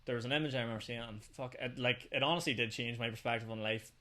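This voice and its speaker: Rapid-fire young man. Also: medium pitch, pushed and bright. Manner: rapid, swearing, storytelling. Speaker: podcast host. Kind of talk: casual chat.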